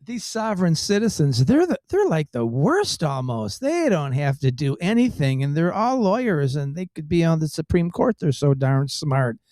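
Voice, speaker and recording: A man's voice: fairly high pitch, very animated, normal speed, few pauses, a little mellow, no room sound, clean studio sound. A man co-hosting a radio show in casual chat, rambling and incredulous, often restarting his sentences. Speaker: radio co-host.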